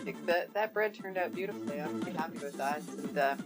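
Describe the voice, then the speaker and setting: A woman's voice: low voice, brisk. A young woman hosting a casual cooking live stream, chatting with viewers, laughing often and swearing freely. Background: music playing.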